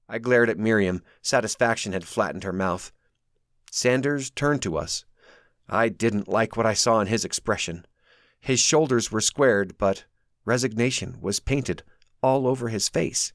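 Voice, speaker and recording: With a voice on the low side, this man reads his own novel aloud as a first-person audiobook, telling the story expressively at a moderate pace. The studio-quality recording has no room sound.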